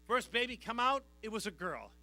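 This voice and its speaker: A man's voice: very high voice, sing-song, a little fast, bright, forceful tone. A man doing stand-up jokes at a charity event, with a brash, punchy delivery. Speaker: stand-up comedian. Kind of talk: stand-up jokes and comic song.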